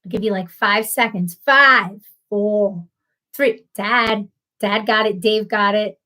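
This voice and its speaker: A woman's voice: medium pitch, slow pace, bright, forceful tone. A woman hosting a casual live stream, chatting and laughing as she answers viewers by name. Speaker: livestream host.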